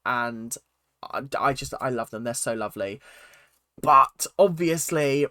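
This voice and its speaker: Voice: mid-range voice, unhurried, bright, forceful tone, no echo, studio quality. A speaker giving a casual, chatty recap of a reality TV episode and acting out quotes in silly voices. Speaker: reality TV reaction vlogger.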